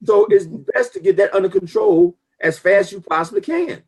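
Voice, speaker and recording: A man with a gravelly, slightly husky voice that sits a bit high for a man. He talks in a casual, emphatic, preachy way and tells lively stories as he gives business advice. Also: normal speed. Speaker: network marketing talk show guest. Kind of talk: casual motivational talk.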